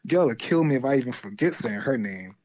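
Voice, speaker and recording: A man's voice: medium pitch, expressive, a little fast, a little mellow, lo-fi sound. A man who is a guest on an interview show, chatting casually and laughing often. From Haitian community. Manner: laid-back, laughs often, retells talks in others' voices. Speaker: guest artist.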